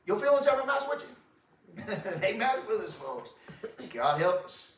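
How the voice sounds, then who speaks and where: A pastor with a high, sing-song voice preaches a little slowly in a church sanctuary, with slight background noise. Folksy and chuckling often, he keeps repeating himself and calling the crowd folks, heard through a distant mic with roomy church acoustics.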